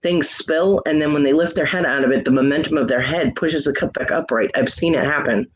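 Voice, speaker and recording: A man's voice: fairly high pitch, a little fast. A man telling a long, rambling story in casual chat, swearing freely and quoting the people involved. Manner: rambling, profane, quotes others. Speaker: streamer chatting with friends. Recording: muffled lo-fi mic with faint hiss.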